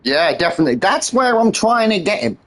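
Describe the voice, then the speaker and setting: Husky high-voiced man streaming racing game. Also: brisk. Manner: excitable, swears often, teasing banter with friends. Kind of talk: live-stream gameplay chat.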